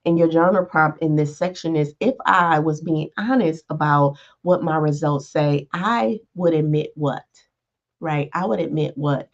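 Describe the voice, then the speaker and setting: On a lo-fi recording, a low-pitched woman talks as the life coach host of a podcast. Her motivational monologue is casual and conversational, with frequent check-ins like "right?" and "all right".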